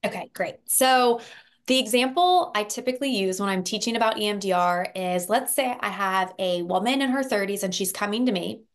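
A woman therapist on a podcast, explaining in a lively conversational way, acting out example voices and often checking in with "right?". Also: medium pitch, a little fast. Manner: animated storyteller, acts out quoted voices with frequent "right?". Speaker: therapist guest.

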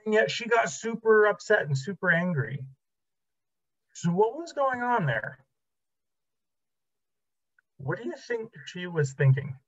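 Guy teaching a relationship class, chatty, husky voice, kinda dull lo-fi audio. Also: sits high, very animated, a little slow, long pauses, fairly bright tone. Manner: conversational, acts out quoted dialogue. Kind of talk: casual lecture with anecdotes. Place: library classroom.

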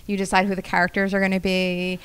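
A woman's voice: mid-range voice, monotone, fast, a bit bright, smooth. A woman hosting a podcast interview, asking encouraging follow-up questions. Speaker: podcast host. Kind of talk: casual interview. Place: comedy club.

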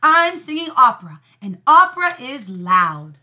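A woman's voice: high-pitched, sing-song, measured pace, sharp tone, heavily acted. A woman reading a storybook aloud, voicing a bossy, theatrical young girl who schemes and whines when her plans fail. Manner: showy, theatrical, whiny when foiled.

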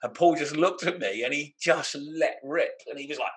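A middle-aged British man co-hosts a podcast, telling stories in casual anecdotal chat with laughter and imitations. His voice is on the high side and sharp, a little fast with few pauses, and the audio is poor.

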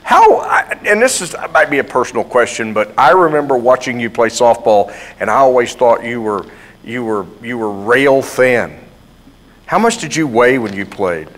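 A man's voice: mid-range voice, expressive, moderate pace, poor audio. Southern man interviewing, enthusiastic. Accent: Southern American. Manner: warm, enthusiastic questioner. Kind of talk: conversational interview.

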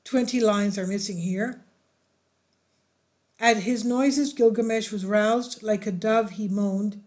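A woman reading an ancient epic aloud in slow, measured recitation, with solemn repeated lists. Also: mid-range voice, fairly even intonation, darkish tone. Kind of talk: scripted narration.

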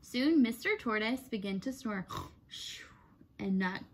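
Animated woman teacher reading aloud. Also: a little high, measured pace, slight background noise. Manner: expressive, animated storytelling. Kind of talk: reading a picture book aloud.

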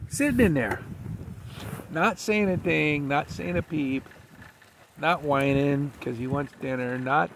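A man's voice: on the high side, takes it slowly, vocal fry, pauses often. A man telling a casual story while walking his dog on a ranch, chatty and rambling. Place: outdoors on a rural ranch. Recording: noisy outdoor camera recording.

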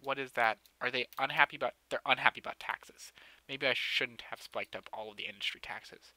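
Give me a bright, joking young man narrating his gameplay. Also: medium pitch, brisk, no echo. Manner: joking, sarcastic, self-mocking, often laughing. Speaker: gamer playing a city-building game. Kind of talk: casual let's-play commentary.

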